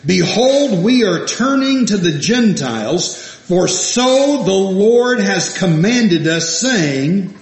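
A man preaching a sermon, reading scripture aloud and asking his listeners questions, rising to emphatic peaks and dropping to soft asides. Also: high voice. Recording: echoey room.

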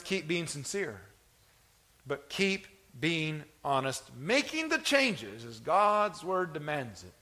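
High, bright-voiced male preacher. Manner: emphatic preaching with rising and falling delivery. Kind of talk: sermon. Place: church.

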